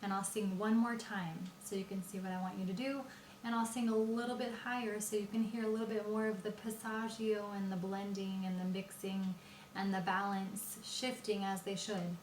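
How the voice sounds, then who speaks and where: A woman voice teacher explaining singing technique in a patient, explanatory way, pausing often with fillers. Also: medium pitch, level tone, a little mellow, slight background noise. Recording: roomy echo.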